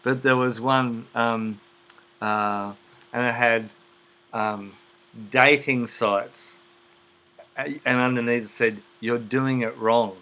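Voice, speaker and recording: A man with a bright, forceful voice at a middling pitch, chatting casually. He shares jokes eagerly and laughs loudly at them. He talks in an open, chatty way. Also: fairly even intonation, slow pace, pauses often, smooth, poor audio. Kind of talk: casual chat.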